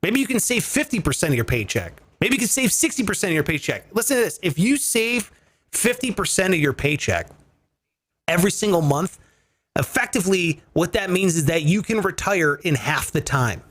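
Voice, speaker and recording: A man's voice: high-pitched, very animated, normal speed, fairly bright tone. A man hosting a comedy finance podcast, talking casually with swearing and joking rants. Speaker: comedy finance show host.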